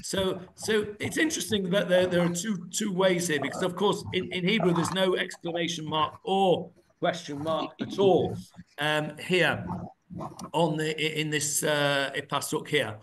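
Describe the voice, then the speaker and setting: A man teaching a Bible class, reading verses aloud, explaining them and quizzing his students, often pausing with fillers as he searches for words. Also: fairly high pitch, fairly even intonation, background noise. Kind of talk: interactive text study.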